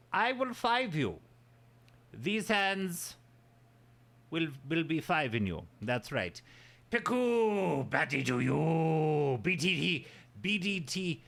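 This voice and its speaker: A man's voice: high-pitched, pushed and bright. A man casually chatting with his livestream audience in a goofy, playful way. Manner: goofy, playful banter with chat. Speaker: streamer.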